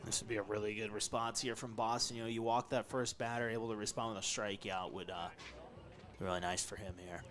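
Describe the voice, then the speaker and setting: A man's voice: on the low side, fast talker. Easygoing man giving baseball stats. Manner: relaxed, stat-heavy analysis. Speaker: color commentator. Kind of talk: live baseball color commentary.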